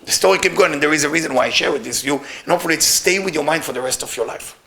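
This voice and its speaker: Man teaching a class, storytelling, broken english, bright tense tone, gravelly edge. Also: a little high, rapid-fire. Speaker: Kabbalah teacher. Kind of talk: storytelling lesson.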